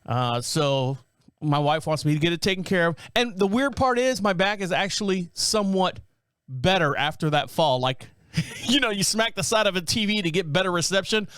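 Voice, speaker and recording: Middle-aged male host, high voice, dry close mic, joking and rambling. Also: animated, normal speed, a bit bright, clear, resonant tone, no echo. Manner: jokey rambling storyteller who laughs often. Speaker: podcast host. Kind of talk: casual podcast monologue.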